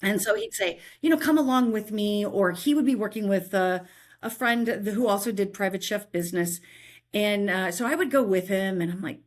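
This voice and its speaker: A middle-aged woman telling a faith-filled personal story as a guest, animated and chatty, often checking in with "right?". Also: medium pitch, moderate pace.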